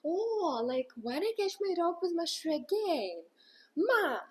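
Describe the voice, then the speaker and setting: A woman's voice: very high-pitched, big pitch swings, a little slow, darkish tone, voice pushed up, full character voice. A woman voicing a curious female language student who asks playful, joking questions. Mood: eager, playful.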